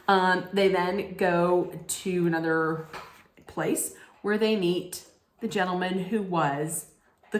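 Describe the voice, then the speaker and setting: A woman recaps a reality dating show in a casual, sarcastic vlog, cracking dry jokes. Her voice sits on the lower side and she talks at an unhurried, drawn-out pace. The sound is roomy and echoey. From United States. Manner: sarcastic, joking commentary. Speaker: vlog host.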